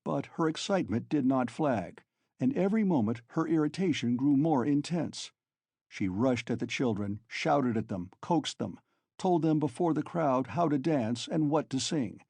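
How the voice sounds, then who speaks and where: A man narrating a classic novel for an audiobook in a steady, measured way. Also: mid-range voice, no echo. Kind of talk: scripted literary narration.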